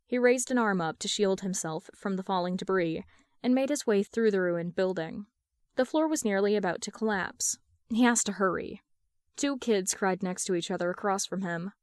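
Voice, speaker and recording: A woman narrating a fan fiction story aloud in an even, measured reading. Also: medium pitch, no echo, clean studio sound. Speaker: podfic reader.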